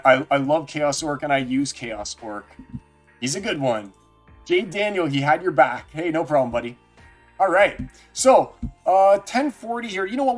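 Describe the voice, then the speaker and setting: Chatty male streamer, bit high-pitched. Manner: chatty, jokey, talks to viewers by name. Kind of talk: casual live-stream chat. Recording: faint music underneath.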